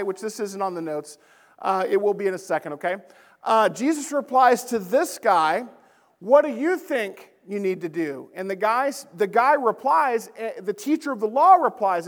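A man's voice: very high voice, in a large hall. A man teaching a church Bible lesson in a conversational way, often checking in with the class and reading scripture aloud.

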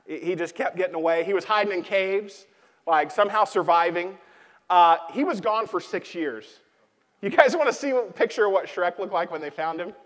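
A pastor preaches a sermon in a high, fairly bright male voice at a normal speed. His style is loose and conversational, packed with fillers and repeated key lines, and the recording carries a long hall reverb.

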